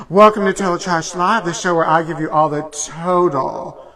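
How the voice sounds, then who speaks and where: A man's voice: a little high, moderate pace, music in the background. A middle-aged man hosting a campy live talk show, sassy and theatrical, calling his viewers honey and darling and chanting catchphrases in a sing-song way. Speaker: host. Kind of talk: campy casual live-stream chat.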